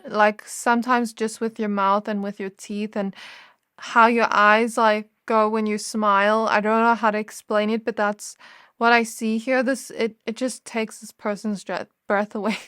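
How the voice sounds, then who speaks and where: Woman, tarot reader, gentle and intuitive, smooth higher voice, dry close sound. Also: no room sound. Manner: gentle, intuitive, with soft laughs and self-corrections. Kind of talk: soft spoken tarot reading.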